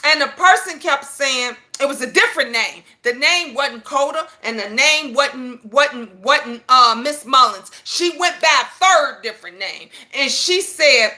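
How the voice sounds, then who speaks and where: A woman hosting her own channel, telling a story in an animated, profane way that rushes ahead at times. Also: high-pitched. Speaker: channel host. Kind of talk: casual storytelling vlog.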